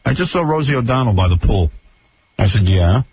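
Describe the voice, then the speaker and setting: A man's voice: medium pitch, animated, fairly quick, a little hiss or hum. A middle-aged man, a radio show host telling a story in a brash, mocking way. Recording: dull lo-fi radio broadcast.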